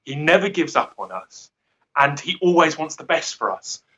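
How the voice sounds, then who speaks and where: A man's voice: fairly high pitch, big pitch swings, normal speed, sharp tone, dull audio. A man giving an earnest, rambling devotional talk who often laughs at himself. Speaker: guest speaker.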